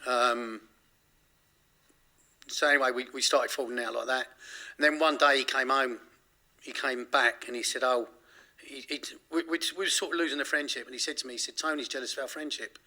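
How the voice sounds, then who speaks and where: A man's voice: medium pitch, steady tone, fairly quick, pushed and bright. A man telling his story in an interview, rambling with frequent restarts and corrections. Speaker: interview guest.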